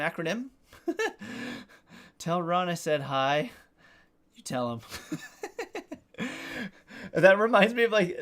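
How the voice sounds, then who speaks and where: Male streamer in his thirties, slightly high pitch, loose jokey chat with viewers. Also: a bit bright. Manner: joking, self-deprecating, swears casually. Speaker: livestream host. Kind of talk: casual live-stream chat reading comments.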